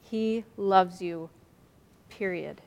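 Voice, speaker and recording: A woman's voice: on the low side, very slow, gravelly, a little mellow, in a large hall. A woman preaching a sermon, earnest and emphatic, acting out a story as she teaches. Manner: earnest and emphatic, acts out stories.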